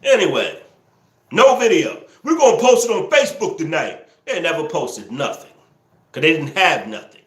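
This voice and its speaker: Animated man yelling at his live chat. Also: fairly high pitch, normal speed, echoey room. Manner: teasing, scolding trolls, yelling excitedly at times. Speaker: livestream host. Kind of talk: casual live-stream commentary, talking to the chat.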